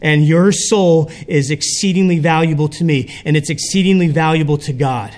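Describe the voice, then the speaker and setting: A man's voice: fairly high pitch, moderate pace, a little mellow. Man preaching in a conversational tone. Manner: conversational preaching, frequent "right?" checks. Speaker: pastor. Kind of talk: sermon.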